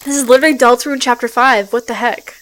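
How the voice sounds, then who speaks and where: Excitable woman reacting to a game. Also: fairly high pitch, quick pace, rough recording. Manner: excitable, gasping and laughing at the visuals. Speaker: streamer. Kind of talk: reading a story game aloud with live reactions.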